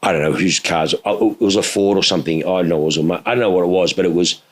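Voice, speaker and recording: A man's voice: low-pitched, rapid-fire. A middle-aged man, telling a long story on a podcast, swearing freely and acting out sounds. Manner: swears freely, animated storyteller who mimics engine sounds. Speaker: podcast co-host.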